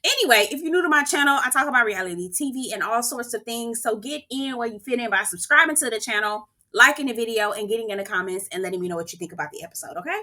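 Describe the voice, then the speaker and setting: A woman with a bright, fairly high voice hosts her reality TV recap vlog. She is sassy and animated and asks her viewers what they think. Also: fast talker, few pauses. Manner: sassy and animated, keeps calling the viewer "girl". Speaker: host of a reality TV review channel.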